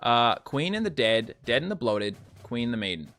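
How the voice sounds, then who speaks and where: This young man's mid-range voice swings widely in pitch, fairly bright and at a moderate pace, as he live-streams a mobile game over soft background music. He chats loosely, answers viewer comments, and coaxes the game with repeated short phrases.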